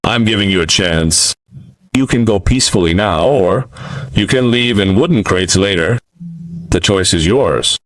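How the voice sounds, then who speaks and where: A man's voice: fairly low pitch, a little slow, fairly bright tone, no echo. A man voicing a menacing, mocking outlaw leader in a narrated western story. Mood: sneering. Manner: mocking and threatening. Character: menacing burly male outlaw with a Texas drawl.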